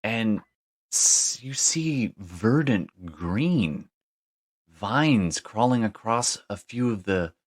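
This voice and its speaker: A man with a deep, low voice runs a tabletop game as game master. He paints scenes in long, wandering descriptions full of fillers and self-corrections. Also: expressive, very slow. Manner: descriptive, rambling with frequent fillers and restarts.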